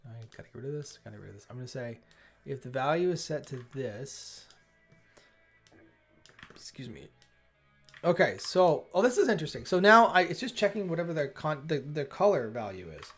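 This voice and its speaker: A man talks through his coding on a livestream, chatty and self-interrupting, and he exclaims when things work. His pitch swings widely. Faint music plays in the background. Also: very animated, a little fast, fairly bright tone. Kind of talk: thinking aloud while coding.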